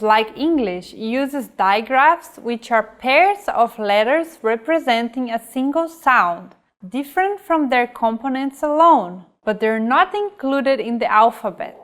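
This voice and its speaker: Slow, careful woman teacher. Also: on the high side. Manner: slow, careful delivery, modelling example words. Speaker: language teacher. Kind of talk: scripted lesson narration.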